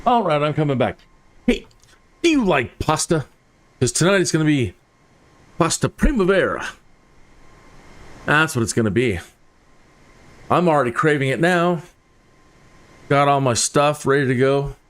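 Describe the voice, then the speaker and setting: A man's voice: fairly high pitch, animated, unhurried, pauses often, fairly bright tone. A man giving casual, chatty commentary while flying a flight sim, talking directly to his viewers.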